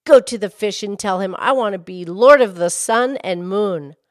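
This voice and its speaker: A woman's voice: medium pitch, moderate pace, dry recording, natural voice. Storybook: a woman doing a domineering, greedy wife with a dry close sound. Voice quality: imperious and insistent. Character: greedy, demanding fisherman's wife turned pope.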